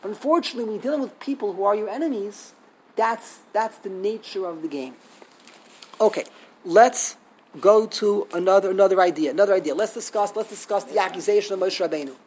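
A woman giving a storytelling Torah lesson, animated, acting out quotes and laughing as she tells it. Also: medium pitch, a little fast, breathy edge, low-quality recording. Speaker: Torah teacher.

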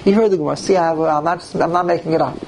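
A man's voice: fairly high pitch, steady tone, racing, darkish tone, slight background noise, poor audio. A man teaching a classroom Talmud lecture, emphatic and often restarting, putting questions to his listeners. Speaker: Torah teacher.

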